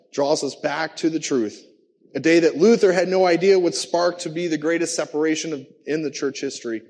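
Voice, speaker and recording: Earnest preacher man in a reverberant church. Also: darkish tone. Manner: earnest, rising to emphatic peaks and dropping low. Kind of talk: sermon.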